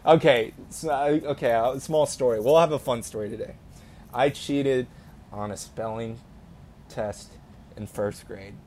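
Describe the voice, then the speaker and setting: A man's voice: medium pitch, a little slow, a little mellow, slight background noise. Rambling young man telling a story. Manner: rambling storyteller, many fillers and restarts. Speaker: podcast co-host. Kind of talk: casual podcast chat.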